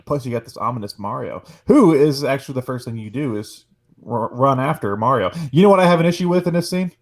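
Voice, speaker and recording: A man co-hosting a gaming podcast in casual chat, animated and swearing, talking in rambling runs with many fillers. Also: medium pitch, quick pace. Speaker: podcast co-host.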